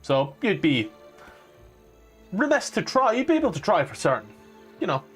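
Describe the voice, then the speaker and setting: A man's voice: high voice, big pitch swings, normal speed, a bit bright, soft background music. A Scottish man narrating as dungeon master, casual and given to swearing. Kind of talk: narrating a tabletop game.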